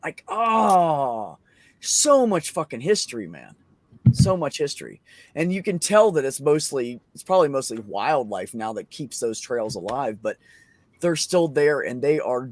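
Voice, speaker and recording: A man chatting casually on a podcast, telling excited stories and swearing often. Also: mid-range voice, normal speed, dry recording. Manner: excited storytelling, frequent swearing. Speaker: podcast host. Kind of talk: casual chat.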